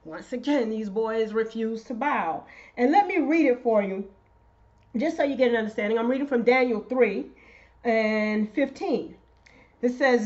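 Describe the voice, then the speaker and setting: A woman pastor preaching a sermon, excitable and rising to shouts. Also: on the high side, normal speed, muffled recording.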